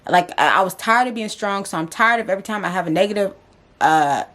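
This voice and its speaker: A woman's voice: medium pitch, animated, fast talker, a bit bright. Candid, slangy woman venting to camera. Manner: slangy, emotional, talks herself through doubts. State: tearful, voice breaking. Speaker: vlogger and podcast host. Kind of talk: candid confessional vlog.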